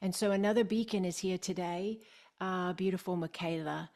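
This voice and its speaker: A woman's voice: on the low side, steady tone, moderate pace, a little mellow. A woman hosting an interview on a video call, effusive and full of praise, often repeating herself and laughing. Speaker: host.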